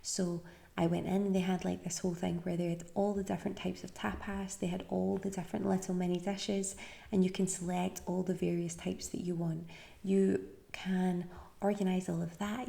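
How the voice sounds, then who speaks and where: Podcast host, woman from the UK, tired, encouraging, slips into near-whispers, dark gravelly tone. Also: on the low side, flat delivery, normal speed. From United Kingdom. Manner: chatty, encouraging, often drops to a soft breathy near-whisper. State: tired, yawning. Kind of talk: casual advice monologue.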